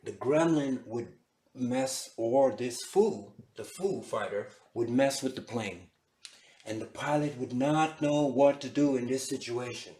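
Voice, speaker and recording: A man giving an animated, storytelling lecture to a class. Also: medium pitch, unhurried. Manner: animated, dramatic retelling. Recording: echoey room.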